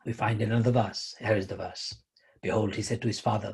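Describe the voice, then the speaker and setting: A middle-aged man giving a sermon, retelling scripture emphatically, rising loud then dropping to a hush. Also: lowish voice, quick pace, gravelly, slightly rough. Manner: emphatic, swings between loud and hushed. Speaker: preacher.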